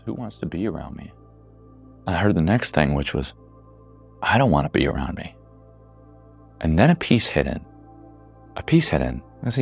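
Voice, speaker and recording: A man in his twenties giving an earnest, reflective monologue, swearing casually at times. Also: a bass voice. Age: 20s. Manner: earnest, builds to emotional intensity. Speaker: speaker.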